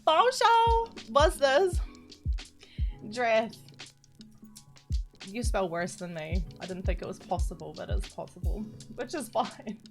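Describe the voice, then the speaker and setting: A woman's voice: on the low side, normal speed, vocal fry, hardly any pauses, warm tone. A woman, streaming live, chatting and giggling as she reads out chat messages between explanations. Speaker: streamer teaching map building. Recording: background music under the voice.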